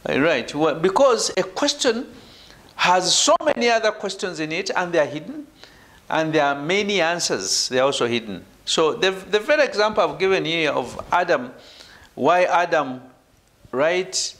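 A man from Uganda giving a university lecture, emphatic, with "right" and "ladies and gentlemen" tagged onto his phrases. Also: expressive, normal speed. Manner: emphatic, falls low at phrase ends. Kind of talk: academic lecture.

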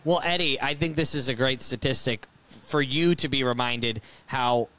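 A man's voice: medium pitch, moderate pace, fairly bright tone, no room sound. A man co-hosting a podcast, explaining a statistic with emphatic build-up. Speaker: podcast co-host. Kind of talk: casual chat.

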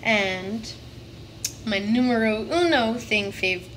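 A woman's voice: fairly high pitch, slow pace, a bit bright, a little hiss or hum. Bubbly rambling nineteen-year-old woman. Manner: bubbly and rambling, with lots of restarts and "freaking". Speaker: vlogger. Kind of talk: casual vlog chat.

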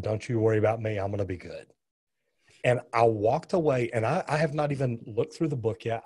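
Earnest storytelling man, husky dark voice. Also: mid-range voice. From US West Coast. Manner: earnest, with repeated restarts. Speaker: plumber, guest. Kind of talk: storytelling interview talk.

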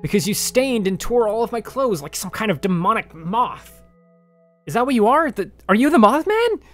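Frantic yelling hero, pitched up and loud, put on by a male storyteller. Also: animated, fairly quick, soft background music. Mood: accusing. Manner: yelling, panicked outbursts. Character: frantic furious young hero, shouting. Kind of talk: story reading with acted voices.

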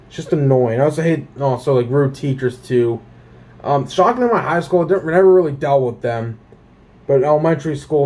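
A young man from Canada ranting casually about things he hates, swearing often and filling with "like" and "um". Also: medium pitch. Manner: profane, animated ranting with many fillers. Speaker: vlogger.

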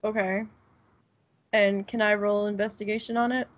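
A woman's voice: mid-range voice, flat delivery, moderate pace, no room sound, highs cut off. A woman playing a tabletop game, asking curious questions as a player. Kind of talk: casual game chat.

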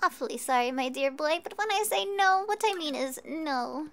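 A woman's voice: sits high, expressive, normal speed, a little hiss or hum. Woman reading a stubborn old sea captain. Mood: stubborn refusal. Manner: clipped, formal old-fashioned British phrasing. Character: gruff retired old male sailor, proud and stubborn.

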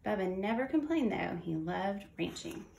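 Gravelly woman reading a children's story. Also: mid-range voice, animated, normal speed, a little mellow. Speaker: storybook reader. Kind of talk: children's read-aloud narration. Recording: echoey room with faint noise.

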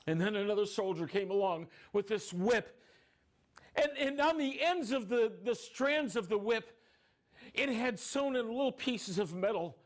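A man's voice: very high-pitched, a bit bright, exaggerated voice. A man playing a grieving younger brother who tells, in a first-person dramatic monologue, how he watched his brother suffer, his telling rising into anguished cries. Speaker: dramatic storyteller.

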